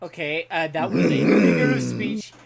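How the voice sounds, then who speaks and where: A man's voice: low-pitched, huge pitch swings, normal speed, gravelly, a loud crowd. A man serving as game master, narrating in a casual, rambling way and swearing freely. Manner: rambling, swears freely, says he has been drinking.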